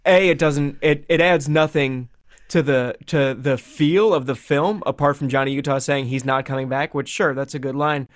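A man's voice: medium pitch, normal speed. A man in casual comedic chat, riffing with dry, wry reasoning.

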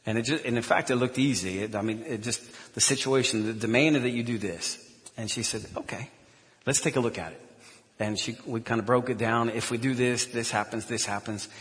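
A man's voice: medium pitch, steady tone, fairly quick, a bit bright, big-room sound. A man preaching a sermon in church, telling a personal story earnestly, with frequent restarts. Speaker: pastor.

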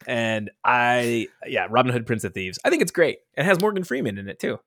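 A man's voice: medium pitch, lively intonation, brisk, hardly any pauses, a bit bright, no echo, studio quality. A man co-hosting a podcast in casual chat, laughing often and breaking into goofy singing. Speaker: podcast co-host.

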